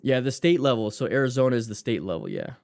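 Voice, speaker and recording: A man's voice: mid-range voice, huge pitch swings, quick pace, gravelly, a little mellow, no room sound, clean studio sound. A man hosting a live motorcycle class, reading out viewer questions and answering them casually, thinking aloud and correcting himself as he goes. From United States.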